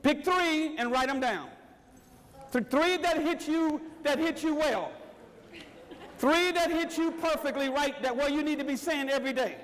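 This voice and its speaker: A man's very high, slightly bright voice moves at a measured pace through a motivational workshop talk, with big-room sound. Before an audience at tables in a large meeting room, he exhorts them repetitively, pressing for energy.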